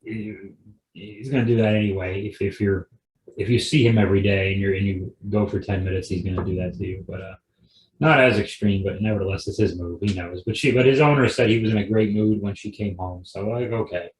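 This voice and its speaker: A man's voice: on the low side, fairly even intonation, fairly quick, slight background noise. A young adult man hosting a comedy podcast solo, talking in a rambling, digressive and offhand way. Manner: rambling, digressive, with frequent restarts; wry and offhand. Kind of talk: casual solo podcast monologue. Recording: roomy echo.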